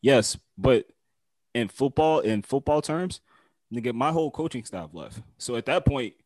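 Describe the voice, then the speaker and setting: A young man in casual chat with friends, chiming in with quick interjections and loud agreement. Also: mid-range voice, expressive, no echo. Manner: quick interjections, agreeing loudly, laughs easily.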